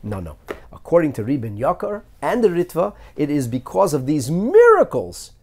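A man's voice: a little high, moderate pace, slight background noise. A man teaching a lesson on the Haggadah, thinking aloud and often hedging. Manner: animated, searching, thinks aloud with frequent hedges. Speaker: Torah teacher.

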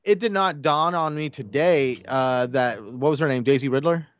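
A man chatting casually on a gaming podcast, rambling excitedly with lots of fillers and restarts. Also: a little high, moderate pace, clear, resonant tone, no echo, muffled recording. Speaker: podcast panelist. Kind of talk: casual chat.

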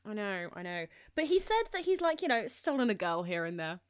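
A woman's voice: medium pitch, big pitch swings, fairly quick, clean tone, dry recording, studio quality. A young woman of twenty-one chatting casually on a podcast, giggly and slangy. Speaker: podcast co-host. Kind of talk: casual chat.

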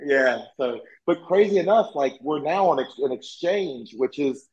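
A man's voice: on the high side, animated, unhurried, darkish tone. Casting: man, Virginia accent, rambling and emphatic guest on a dull lo-fi video call. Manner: rambling, self-correcting, emphatic. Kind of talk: casual chat.

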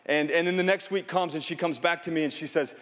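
A man's voice: fairly high pitch, steady tone, fast, fairly bright tone. A man in his thirties preaching a sermon, telling stories in a conversational way with self-deprecating humor. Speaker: pastor. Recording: long reverb of a large hall.

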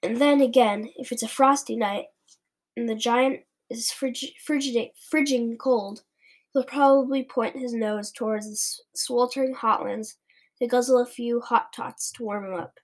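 A woman's voice: fairly high pitch, fairly even intonation, a little slow. A woman voicing a big, kindly male giant who mangles his words, in a storybook read-aloud. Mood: earnest. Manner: mangles words, gentle and earnest.

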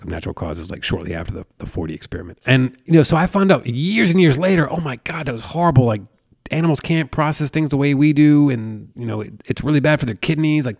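This is a man in his thirties with a gravelly, fry-tinged voice, hosting a podcast from his home. He talks in loose, swear-heavy rambles that keep drifting off on tangents. The recording sounds dry, with the mic close to him. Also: medium pitch, darkish tone, dry recording. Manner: profane, tangent-prone storytelling. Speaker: podcast host. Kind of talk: casual rambling chat.

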